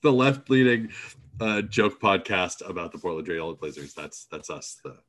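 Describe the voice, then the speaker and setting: A man's voice: sits low, expressive, normal speed, a bit bright. A man co-hosting a casual podcast, teasing his friend and rambling with fillers. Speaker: podcast co-host. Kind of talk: casual chat.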